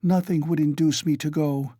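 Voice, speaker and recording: A man's voice: fairly high pitch, steady tone, moderate pace, mellow, dry recording, studio quality, pitched above the performer's own voice, close to an everyday voice. A man reading an audiobook, voicing an anxious, timid middle-aged mother who speaks in a pleading, fretful way.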